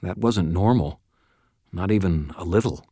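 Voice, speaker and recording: Man, low deep voice, first-person audiobook narration, measured and dramatic, close dry recording. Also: warm tone, dry recording. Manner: measured, dramatic, dropping to a near murmur.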